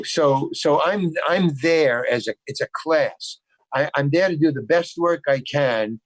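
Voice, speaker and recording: Older american guy, kinda high voice, rambly, keeps restarting sentences, dry close sound. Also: dry recording, rough recording. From United States. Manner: emphatic, rambling with many restarts. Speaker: guest actor. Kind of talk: casual storytelling interview. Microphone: video call.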